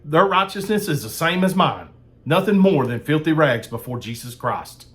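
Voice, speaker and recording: A man's voice: on the high side, very animated, moderate pace, a bit bright. A man preaching a sermon in a fired-up, emphatic way, repeating phrases for emphasis.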